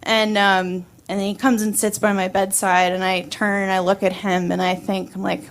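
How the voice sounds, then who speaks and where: A woman's voice: mid-range voice, little pitch movement, normal speed, slight background noise. A woman in her twenties telling a personal story on stage, chatty and wry, laughing often and using many fillers. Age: 20s.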